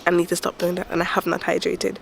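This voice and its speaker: A young woman talks into her own camera at home by a window, keeping a casual sick-day video diary. Her voice sits low and gravelly, stuffy and a little raspy from illness. She vents frankly, with some faint ambient hiss behind her. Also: little pitch movement, fast talker. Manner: frank and exasperated, venting. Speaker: vlogger.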